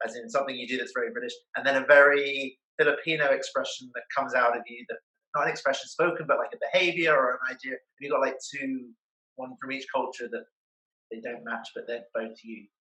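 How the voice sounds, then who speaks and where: A man's voice: medium pitch, steady tone, fast, bright, forceful tone, reverberant, low-quality recording. A man moderating a question session after a talk, polite and encouraging as he thanks the speaker and asks questions. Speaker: event host.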